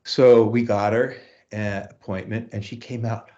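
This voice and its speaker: A man who teaches voice, talking through lessons and telling anecdotes in a relaxed interview. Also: fairly low pitch, a little slow, lo-fi sound. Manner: storytelling, acts out quotes, restarts often.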